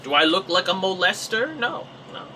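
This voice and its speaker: Animated young man telling a story. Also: high voice, normal speed, far from the mic, slight background noise, poor audio. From Canada. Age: young adult. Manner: animated, acts out his own reactions. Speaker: vlogger. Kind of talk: casual storytelling.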